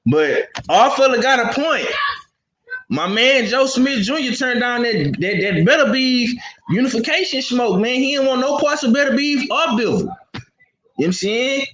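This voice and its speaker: A man hosting casual boxing talk, animated and slangy, who repeats himself as he talks. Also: very high voice, normal speed. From Houston. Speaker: boxing podcast host. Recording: echoey room with faint noise.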